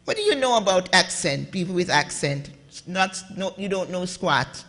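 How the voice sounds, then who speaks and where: A woman's voice: lowish voice, expressive, normal speed, a bit bright. A woman from Jamaica with a Jamaican accent, giving an impassioned talk at a conference and speaking straight to the audience. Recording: echoey hall with long reverb.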